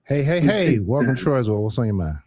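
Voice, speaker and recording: Animated man hosting a call-in stream. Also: mid-range voice, brisk. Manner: animated, repeats phrases, laughs often. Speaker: livestream host. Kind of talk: casual call-in chat.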